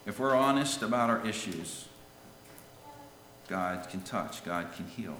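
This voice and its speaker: A man preaching a sermon, swinging from loud calls to hushed lines, and reading scripture in old-fashioned wording. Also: fairly low pitch, sing-song, measured pace, a little hiss or hum. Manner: reads scripture in King James wording. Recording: echoey hall with long reverb.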